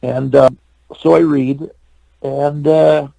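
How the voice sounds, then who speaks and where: An older man, an actor and stuntman, telling lively anecdotes as a guest in an interview. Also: medium pitch, normal speed, vocal fry, no echo, poor audio. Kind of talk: storytelling interview.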